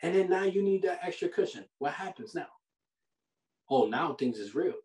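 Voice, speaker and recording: A man hosting a podcast. He gives money advice in a casual, animated, preachy way, full of slang like "bro" and "yo". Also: fairly high pitch, moderate pace, recorded from a distance. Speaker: podcast host. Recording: roomy sound from off the mic.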